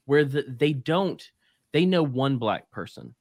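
A man's voice: medium pitch, expressive, unhurried, darkish tone, no room sound, clean studio sound. A man from Alabama, a comedian guest on a podcast, telling stories in a blunt, profane, casual way. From Alabama, USA. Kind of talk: casual chat.

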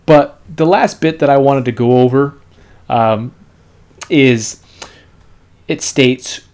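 A man's voice: mid-range voice, takes it slowly, a little mellow, smooth. A man hosting a casual political podcast, sarcastic and rambling, full of "you know" fillers. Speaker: podcast host.

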